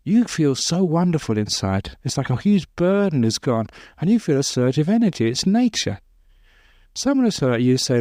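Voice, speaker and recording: A man, a Buddhist monk, giving an informal dharma talk, telling stories with gentle humor and chuckling at his own jokes. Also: mid-range voice, sing-song, normal speed, dry recording, studio quality. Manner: conversational storytelling, with restarts. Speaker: Buddhist monk teaching meditation.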